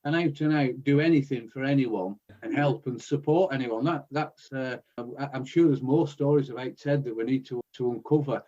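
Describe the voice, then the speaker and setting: A man's voice: mid-range voice, normal speed, hardly any pauses, warm tone. A man hosting a podcast, asking friendly, rambling questions in casual chat. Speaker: podcast host. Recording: dull lo-fi sound.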